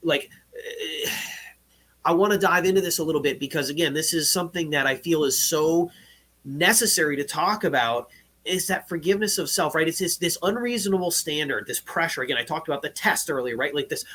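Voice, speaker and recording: A man who is a guest on a talk show, speaking earnestly and casually, often ending points with "right?" and getting louder and higher when he is excited. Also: brisk, breathy edge. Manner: earnest, says "right?" again and again; gets loud and high when excited. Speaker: podcast guest, life coach.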